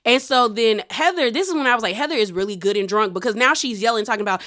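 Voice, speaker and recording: Sassy woman vlogger, slightly high and very bright, dishing on reality TV drama. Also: quick pace, few pauses. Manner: animated, sassy storytelling. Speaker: reality TV recapper. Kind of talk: casual reality-show recap.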